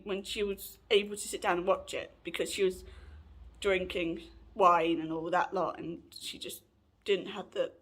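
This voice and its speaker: A woman's voice: medium pitch, a bit bright, slightly rough. A woman in her late twenties telling a personal story to camera in a chatty, rambling way, often correcting herself, recorded indoors at home. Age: late 20s. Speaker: vlogger.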